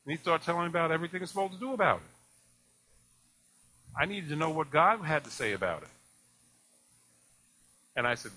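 A man preaching with lots of animation, firing rhetorical questions at the congregation. His voice sits a bit high and rings bright. It rises and falls widely as he tells stories. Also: lively intonation, fairly quick, long pauses. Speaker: pastor. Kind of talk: sermon.

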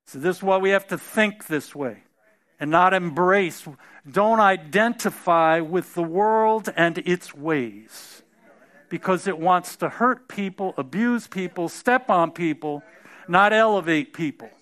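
A man's voice: sits high, a little slow, a bit bright. A man in his fifties or older preaching a sermon, emphatic and drawn out, with casual, folksy asides. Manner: laughs during his own anecdotes.

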